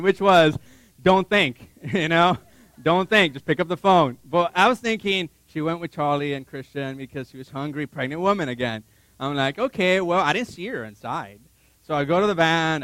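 A man's voice: high voice, fairly bright tone, no room sound. A man preaching a sermon, telling a funny personal story, laughing often and acting out his own reactions. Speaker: pastor.

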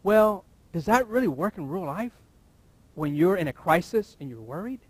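Man, pastor, lively sermon, slightly high pitch, dry sound, repeats key phrases. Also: moderate pace, husky, no room sound. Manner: animated preaching, repeats key phrases, bursts into shouting.

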